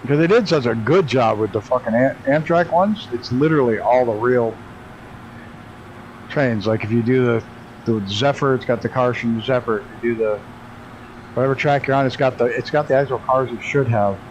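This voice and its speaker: A man's voice: medium pitch, normal speed, lo-fi sound, a little hiss or hum. Profane man streaming a flight sim. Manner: profane, laughs at himself, talks to chat while flying. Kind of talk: casual live-stream commentary.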